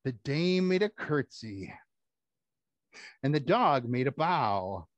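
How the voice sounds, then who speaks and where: A man's voice: medium pitch, big pitch swings, slow pace, no room sound, dull audio. A man performing a children's puppet show, telling rhymes in a playful, theatrical way. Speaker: puppeteer and storyteller.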